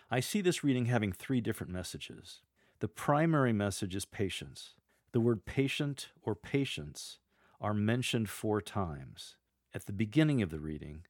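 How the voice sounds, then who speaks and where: A middle-aged man teaching church lectors how to proclaim a reading, measured and deliberate, pausing to model the lines. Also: on the low side, no echo, clean studio sound. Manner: measured, demonstrates readings aloud with deliberate pauses. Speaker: lector coach. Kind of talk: instructional podcast on scripture reading.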